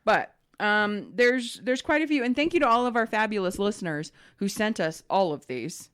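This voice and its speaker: A woman's voice: medium pitch, normal speed, clean tone. A woman co-hosting a podcast, chatting casually and acting out the voices in her story. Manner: animated storyteller, acts out dialogue in other voices. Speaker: podcast co-host.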